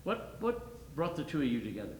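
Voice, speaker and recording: A man's voice: medium pitch, big pitch swings, fairly quick, slight background noise. A man moderating a gallery panel discussion, with teasing, wry interjections. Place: gallery panel before an audience. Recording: echoey gallery hall.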